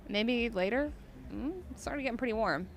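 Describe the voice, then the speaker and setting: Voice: medium pitch, a little fast, a little hiss or hum. A livestream co-host casually chatting during a race, pointing out runners and their gear. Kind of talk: live casual commentary.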